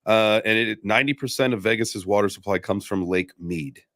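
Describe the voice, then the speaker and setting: A man's voice: lowish voice, a little fast, fairly bright tone, no echo, studio quality. A man hosting a casual podcast chat, rambling through tangents and apologizing for them, with a casual curse here and there. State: out of breath. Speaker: podcast host.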